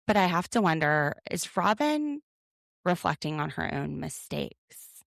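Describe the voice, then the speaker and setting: Gravelly low-voiced woman, sarcastic. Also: measured pace, no room sound, studio quality. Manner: opinionated, sarcastic, animated. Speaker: podcast co-host. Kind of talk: casual recap chat.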